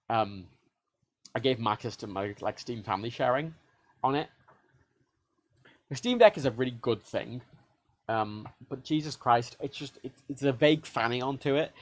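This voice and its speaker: Animated, swearing man ranting. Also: mid-range voice. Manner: animated, heavily profane, mimics devices in quoted voices. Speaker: livestreamer. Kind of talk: casual ranting monologue.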